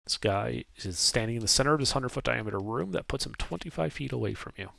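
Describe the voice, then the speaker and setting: A man's voice: mid-range voice, expressive, quick pace, gravelly, a bit bright, dry recording. A man narrating a tabletop game as game master, describing scenes unhurriedly with casual fillers.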